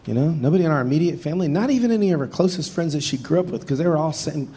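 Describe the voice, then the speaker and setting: A man's voice: fairly high pitch, lively intonation, very fast, mellow. A man in his thirties doing stand-up, rambling and self-deprecating, often chuckling through his lines. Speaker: stand-up comedian. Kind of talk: stand-up storytelling. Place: theater stage with live audience.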